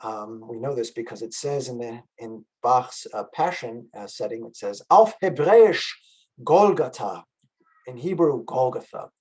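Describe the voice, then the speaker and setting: A man giving an online lecture on a choral work, explaining at a measured pace with frequent fillers, heard over a video call. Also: mid-range voice, rough recording. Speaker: music lecturer.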